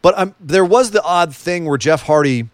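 A man's voice: on the high side, moderate pace, no echo. A man co-hosting a casual wrestling chat, joking around and asking lots of questions. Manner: chatty, joking, asks many questions. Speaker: wrestling podcast co-host.

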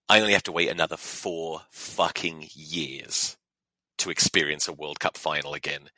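A man's voice: a bass voice, moderate pace, sharp tone, no room sound, poor audio. A young man, a podcast host, telling a story in a sweary, mock-outraged monologue. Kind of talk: casual comedic monologue.

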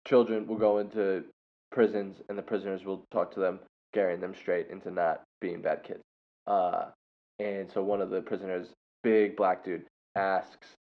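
A young man with a lowish voice tells a rambling, funny anecdote in a relaxed, casual way, cracking up as he goes. The recording is dull and lo-fi. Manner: laughs often, bursts into loud impressions. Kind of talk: casual storytelling. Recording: dull lo-fi sound.

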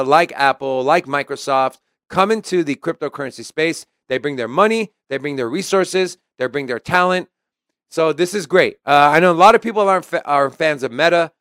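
A man's voice: fairly high pitch, moderate pace, a bit bright, smooth, dry recording, clean studio sound. A man co-hosting a casual podcast, reading news aloud and commenting in a chatty way. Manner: chatty, reads article quotes then comments. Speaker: podcast co-host.

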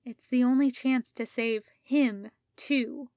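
A woman voicing a soft-spoken, anguished male Jedi in a fan audiobook reading. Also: a little high, steady tone, takes it slowly, no room sound, clean studio sound. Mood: gentle. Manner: soft, hushed.

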